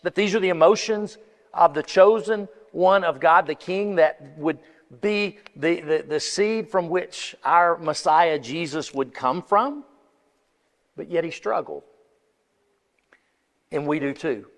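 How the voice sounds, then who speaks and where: A pastor preaching an impassioned sermon, building to emphatic peaks and often restarting phrases. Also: male voice, a little high, slow. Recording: long reverb of a large hall.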